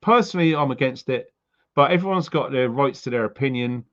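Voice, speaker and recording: A man's voice: medium pitch, a little fast, highs cut off. A man from the UK hosting a live stream about prepping, talking bluntly and with swearing about what he believes. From United Kingdom. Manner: blunt, sweary, heartfelt ranting. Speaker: prepping channel host.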